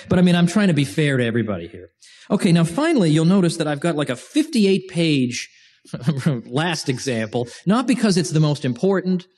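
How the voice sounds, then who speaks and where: Male lecturer at mid pitch, chatty and animated, full of restarts and asides. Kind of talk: informal lecture to a class.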